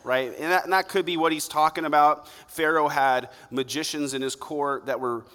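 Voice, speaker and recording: A man's voice: fairly high pitch, steady tone, normal speed, a bit bright, slight background noise. A male pastor giving a conversational, joking sermon during a church service, drawing the congregation into a show of hands. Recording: live hall reverb.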